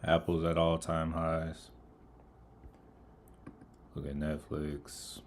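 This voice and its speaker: A man's voice: very deep voice, flat delivery, drawn-out words, slight background noise. A man giving casual live market commentary, eating as he talks and greeting viewers in the chat by name. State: eating, mouth full of food. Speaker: livestream trader.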